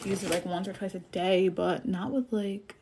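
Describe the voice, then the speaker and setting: A woman's voice: mid-range voice, steady tone, normal speed, warm tone, husky. A young woman giving a casual tarot reading on a livestream, blunt and chatty, apologizing for the bad news she delivers. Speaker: tarot reader.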